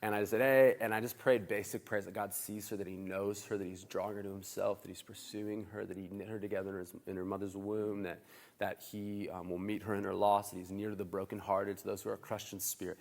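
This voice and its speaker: A man preaching as a pastor, telling stories in a chatty, animated way and acting out the dialogue. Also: on the low side, fairly quick, long reverb tail. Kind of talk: sermon storytelling. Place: church hall.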